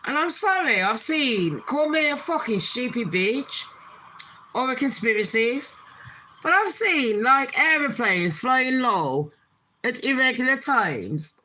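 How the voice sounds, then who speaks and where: A woman's voice: high-pitched, very animated, takes it slowly, bright, forceful tone, rough recording. A woman chatting casually to her channel, swearing freely and laughing often. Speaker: channel host. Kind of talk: casual chat vlog.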